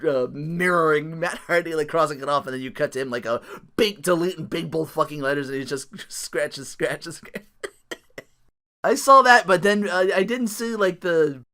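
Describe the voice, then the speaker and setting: A man's voice: a little high, normal speed, sharp tone. A young man hosting a casual solo podcast, rambling, swearing freely and often breaking into laughter. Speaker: podcast host.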